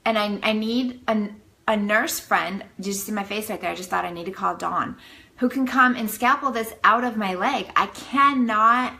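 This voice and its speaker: A woman vlogging to her viewers, telling a story in a dramatic, animated way full of "like". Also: mid-range voice, normal speed, creaky, poor audio. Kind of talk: casual storytelling to camera.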